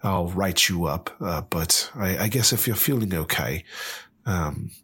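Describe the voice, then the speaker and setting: A man with a very deep, slightly husky voice plays a character in a tabletop game. He talks hesitantly, with lots of restarts and stops. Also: lively intonation, a little slow, fairly bright tone. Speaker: player. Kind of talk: tabletop role-play.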